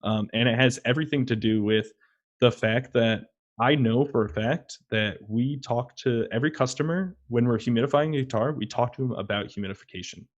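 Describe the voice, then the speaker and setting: A man's voice: mid-range voice, fairly quick, dull audio. A young man, a luthier guest on a podcast, telling a story casually, acting out both sides of the talk and laughing often.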